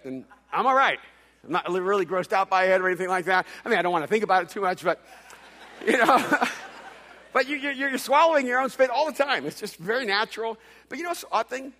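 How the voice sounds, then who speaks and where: A man preaching a sermon, telling a story with playful humor and quick stammered restarts. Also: high voice, bright, forceful tone. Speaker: pastor. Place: large hall with long reverb. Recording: echoey hall reverb.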